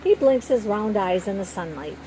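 A woman narrating a children's story in the first person with a gentle, even storytelling manner. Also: mid-range voice, normal speed, a little hiss or hum, low-quality recording.

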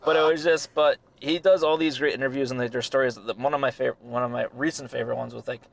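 A man's voice: fast, vocal fry. A young adult man chatting casually, retelling stories and acting out quotes with laughter. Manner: animated storyteller, acts out quotes with rising pitch and laughter.

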